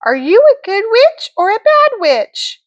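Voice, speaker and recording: A woman voicing a bubbly, high good witch who speaks in a chirpy, overly polite way. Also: very animated, a little slow, no room sound, distant mic, lo-fi sound, full character voice.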